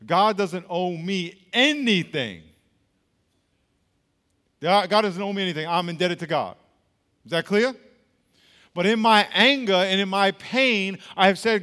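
A man's voice: high voice, animated, moderate pace, pauses often, bright, forceful tone, big-room sound. A man preaching a sermon as pastor, speaking emphatically and quizzing the congregation with questions.

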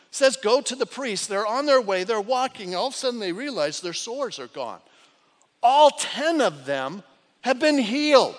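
A male pastor preaching a sermon with dramatic swings between loud cries and hushed lines. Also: high voice. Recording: long hall reverb.

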